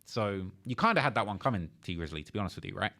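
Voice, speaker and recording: A man's voice: lowish voice, big pitch swings, rapid-fire, bright, forceful tone. A young man hosting a reaction video, giving casual, slangy, incredulous commentary. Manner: incredulous, slangy, talks over played clips. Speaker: reaction channel host.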